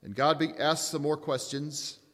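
A man preaching a sermon in a measured, emphatic way, asking rhetorical questions. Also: a little high, steady tone, fairly bright tone, big-room sound.

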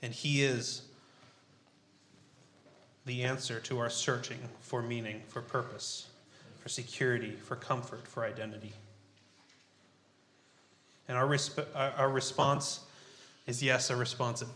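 A man preaching a sermon in a bright, forceful voice. He talks in an unhurried, halting way with frequent fillers. His voice rings around a roomy church space. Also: mid-range voice, steady tone, a little hiss or hum. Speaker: pastor. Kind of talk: sermon with group scripture reading. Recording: roomy echo.

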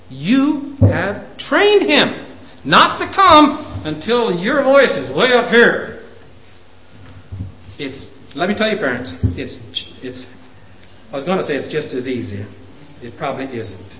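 A man in his fifties lecturing parents, animated, pushing his voice up for emphasis and chuckling at himself. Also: high-pitched, takes it slowly. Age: 50s. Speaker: speaker on parenting. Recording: roomy, dull lo-fi recording.

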